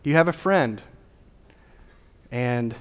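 A man's voice: medium pitch, lively intonation, drawn-out words, smooth. A man preaching a sermon as a pastor, with a casual, joking, conversational delivery. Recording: long hall reverb.

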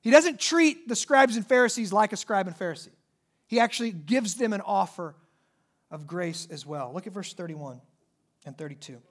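At a moderate pace, a preacher gives a lively, forceful church sermon, stressing his points through swings in pitch and loudness.

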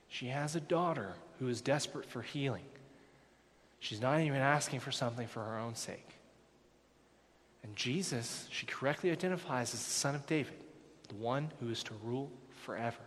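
A man preaching a sermon on a Bible passage, swinging from quiet, low passages up to loud, emphatic peaks. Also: expressive, normal speed, long reverb tail. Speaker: pastor.

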